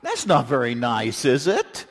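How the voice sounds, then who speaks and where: A man preaching a sermon in a folksy, joking, animated way, mixing stories with scripture. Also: medium pitch, measured pace. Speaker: pastor. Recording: long hall reverb.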